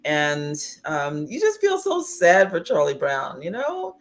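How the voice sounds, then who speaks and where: A woman's voice: on the low side, huge pitch swings, takes it slowly. A woman spiritual teacher giving a livestream talk, reflective, laughing often and greeting viewers as she reads their comments. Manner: reflective, laughs often, acts out inner voices.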